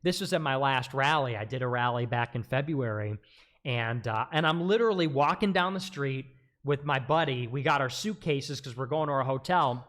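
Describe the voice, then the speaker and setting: A man casually telling a story on a livestream, animated, acting out quotes in a raised voice. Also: mid-range voice, moderate pace. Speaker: livestream guest.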